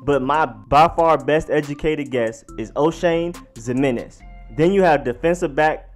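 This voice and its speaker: A man hosting a sports vlog, casually explaining how to pronounce names, slowly spelling out each one and repeating it. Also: fairly high pitch, soft background music. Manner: slowly sounds out each name, then repeats it. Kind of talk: pronunciation guide, casual explainer.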